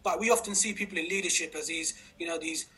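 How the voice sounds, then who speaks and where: A man's voice: a little high, steady tone, fast talker. A man with a Cambridgeshire accent hosting a podcast, agreeing often and playing up his confusion. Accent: Cambridgeshire English. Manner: warmly agreeing, playful mock confusion. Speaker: podcast host. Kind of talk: casual chat.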